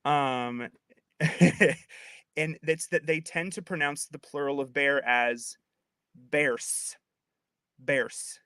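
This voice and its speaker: A man's voice: fairly high pitch, takes it slowly, sharp tone, smooth, no echo, studio quality. A man, a linguist on a video call, patiently explaining speech sounds in a casual chat with playful asides. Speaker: linguist guest.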